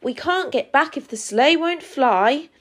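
A woman voicing Father Christmas, a kindly old man in charge, in a children's story, giving brisk, cheerful orders. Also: sits high, lively intonation, fairly bright tone, pitched above the performer's own voice. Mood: brisk, jolly.

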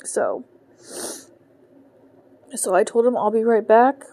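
A woman's voice: fairly high pitch, a little fast, mellow. Tearful swearing woman in her thirties. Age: 30s. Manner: emotional, swears constantly, frustrated. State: on the verge of tears. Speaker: podcast host. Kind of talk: personal venting monologue. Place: in bed at home.

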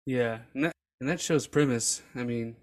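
A young dad hosting a podcast, relaxed and quick to laugh in casual interview chat. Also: male voice, medium pitch. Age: young adult. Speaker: podcast host.

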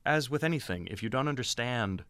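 A man who directs and teaches acting, giving animated, explanatory answers in an interview. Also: mid-range voice, brisk, no room sound.

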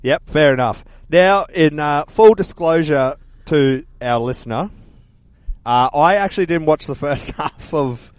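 A man with a slightly high voice hosts in a dry, deadpan way, dropping short wry remarks. The recording is close and dry. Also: unhurried, no echo. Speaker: podcast co-host. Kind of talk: casual banter.

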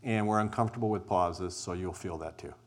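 A man with a very low voice guides a group through a spoken exercise. He talks deliberately, stressing key words and letting pauses sit. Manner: deliberate, emphatic, with weighted pauses; says he is an introvert. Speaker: group workshop leader.

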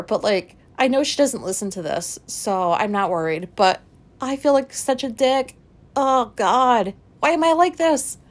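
A woman hosting a solo podcast, talking frankly and questioning herself, swearing freely and filling pauses with likes and ums. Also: a little high. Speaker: podcast host. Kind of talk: candid solo podcast monologue.

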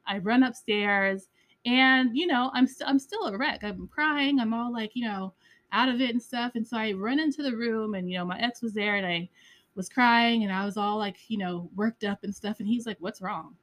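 A woman's voice: a little high, normal speed, fairly bright tone. Candid, swearing woman podcast host. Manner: casual, swears freely, heavy on "like" and "you know". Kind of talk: candid personal storytelling.

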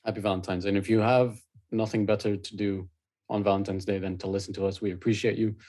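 A man co-hosting a casual podcast, joking and exaggerating in quick banter. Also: fairly low pitch, level tone, mellow, no echo, clean studio sound. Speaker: podcast co-host.

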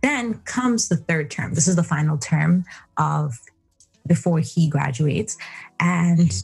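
A young woman from South Africa hosts a casual podcast, telling a personal story with animated, giggly energy. Her voice is very husky and breathy, a little low for a woman. Faint music plays behind her. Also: slow. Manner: animated, giggly, acting out her own past thoughts. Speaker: podcast host.

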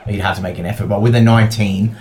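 A man's voice: lowish voice, fairly even intonation, racing, a little mellow. A man narrating a tabletop game as dungeon master, in a loose, rambling way full of fillers.

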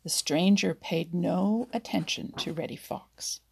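A woman reading a children's storybook aloud, soft and unhurried, often half-whispered. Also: fairly low pitch, creaky, slightly rough.

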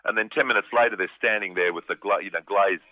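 A deep, low-pitched man of forty, talking in a plain-spoken, rambling way as a comedian guest. His voice comes through a tinny, dry phone line. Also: steady tone, fast talker, dry recording. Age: 40s. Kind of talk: casual phone interview.

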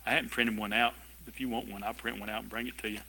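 A man pastor preaching a sermon in a lively way, with asides and chuckles to his congregation. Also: fairly low pitch, fast talker, vocal fry, a little hiss or hum. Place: church service with a congregation.

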